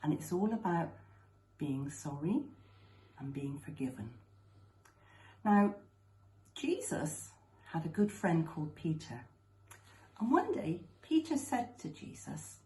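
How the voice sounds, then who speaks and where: Slow expressive woman storyteller. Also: on the low side. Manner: slow, expressive, clearly paced for children. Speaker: storyteller at a school assembly. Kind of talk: children's story reading. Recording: roomy echo.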